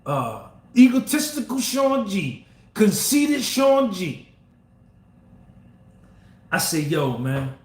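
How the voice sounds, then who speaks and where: A man's voice: extremely high pitch, very animated, slow pace, pauses often, a little mellow. A man hosting a podcast, telling a story in a casual way, repeating himself and acting out what others said. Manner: repetitive, acts out quoted dialogue. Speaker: podcast host. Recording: roomy echo.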